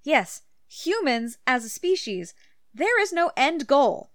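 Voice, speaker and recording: A fairly high-voiced woman from Canada co-hosts a casual podcast and lays out her points at length, pressing back when she is interrupted. The sound is dry and close to the mic, with no room around it. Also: very animated, no echo. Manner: explanatory, insistent, quick asides. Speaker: podcast co-host. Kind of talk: casual educational podcast chat.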